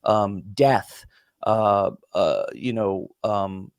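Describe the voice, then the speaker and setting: A man hosts a relaxed interview, circling around his questions with plenty of fillers, restarts and the odd swear word. His voice is recorded dry and close, with no room sound. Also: lowish voice, very slow, creaky, dry recording. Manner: rambling, many fillers and restarts, casual swearing. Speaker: podcast host. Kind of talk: conversational interview.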